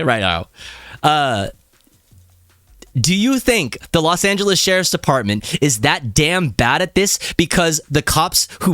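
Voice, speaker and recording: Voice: mid-range voice, fairly bright tone, no room sound, clean studio sound. A young adult streamer in a casual live-stream rant, heated and profane, breaking into laughs.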